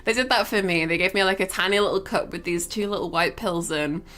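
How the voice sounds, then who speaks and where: A woman's voice: on the low side, brisk, a bit bright. A young woman livestreamer telling a story in a casual, rambling way, full of fillers and giggles. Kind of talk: casual storytelling to a stream chat.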